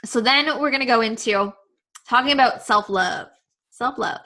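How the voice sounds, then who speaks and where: A woman leads a live confidence webinar over a webcam. Her voice sits fairly high and bright. She talks earnestly and emotionally, circling back and repeating herself with lots of casual fillers. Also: moderate pace. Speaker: confidence coach leading a webinar.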